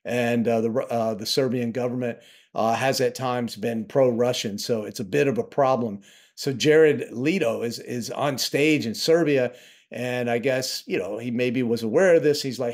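A man's voice: medium pitch, fairly even intonation, normal speed, a little mellow. Male travel vlogger, home office, casual and sarcastic, indignant. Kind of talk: casual to-camera commentary.

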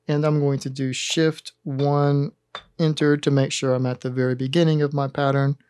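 A man hosting a synthesizer tutorial, calmly talking through each button press in a methodical step-by-step demonstration. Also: fairly high pitch, no room sound, clean studio sound.

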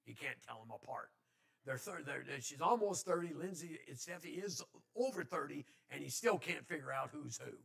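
A man's voice: on the high side, lively intonation, normal speed, creaky, fairly bright tone. A male pastor telling a personal story in a conversational sermon, with many restarts. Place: church.

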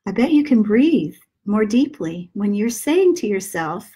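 A middle-aged woman giving a gentle self-help talk, slowly guiding breaths and repeating calming mantras. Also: mid-range voice, breathy edge. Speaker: manifesting teacher.

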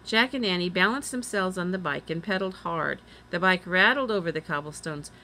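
A woman reading a children's chapter book aloud, doing the children's lines a little higher. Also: brisk, pushed and bright, rough recording. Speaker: reader. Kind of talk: storybook read-aloud.

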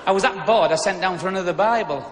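Profane comic in an echoey hall. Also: male voice, high voice, fast talker. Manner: profane, blunt, punchy delivery. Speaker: stand-up comedian. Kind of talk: crude stand-up routine. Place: live venue with an audience. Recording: echoey live hall with background noise.

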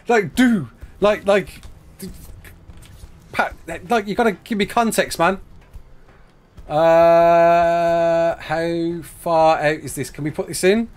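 A man's voice: on the high side, slow, pauses often. A young man, from England, streaming a game live, chatting, joking and laughing while reading chat aloud.

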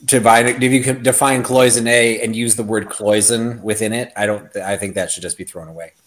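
A man's voice: on the low side, steady tone, brisk. A man co-hosting a casual panel discussion, wry and questioning. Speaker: co-host.

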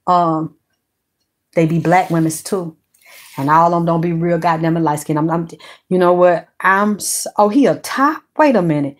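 Lady gossip host, cussing a lot, chatty and animated. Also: lowish voice, moderate pace. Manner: animated, swearing, talks straight to her viewers. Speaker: celebrity gossip channel host. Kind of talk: casual chat.

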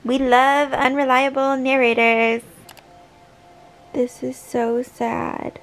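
A woman's voice: high-pitched, level tone, slow, fairly bright tone, rough recording. A young woman vlogger reacting emotionally to a TV finale, gasping and exclaiming at the screen.

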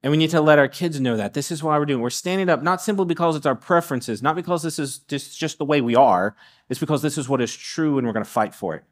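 A middle-aged man preaching a sermon in a church in a somewhat higher voice. He talks in an animated way, restarting phrases and acting out little asides to the congregation. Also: fast talker. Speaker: guest preacher. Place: church sanctuary.

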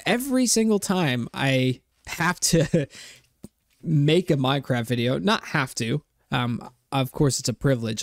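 A man in his twenties talking candidly in a personal vlog, reflective and rambling, with fillers and soft laughs. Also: fairly high pitch, no room sound, studio quality. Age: 20s. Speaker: content creator.

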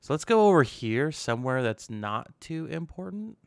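A man's voice: a little high, very animated, normal speed, gravelly, no room sound. A young man hosting a gaming channel, talking casually to himself as he plays and tossing in jokey asides. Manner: chatty, self-talking, joking asides. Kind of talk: casual gameplay commentary.

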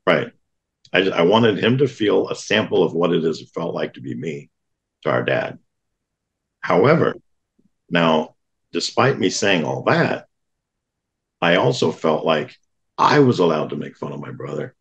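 A man's voice: low voice, animated, a little slow, vocal fry, pauses often, a bit bright, muffled recording. A middle-aged man, a podcast guest, earnestly telling childhood memories in a plainspoken way. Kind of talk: storytelling in an interview.

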